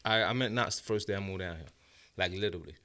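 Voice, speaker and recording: A man in his forties from Brooklyn with a New York accent, a podcast guest telling stories in an animated, slangy way with frequent restarts. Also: sits low, fast talker. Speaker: guest, rapper and producer. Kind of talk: casual storytelling interview.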